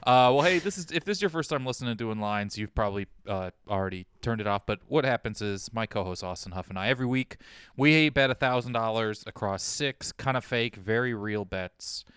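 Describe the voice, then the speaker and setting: Low, smooth-voiced male podcast host. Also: brisk, fairly bright tone, no echo, clean studio sound. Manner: wry, joking asides. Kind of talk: casual comedic podcast chat.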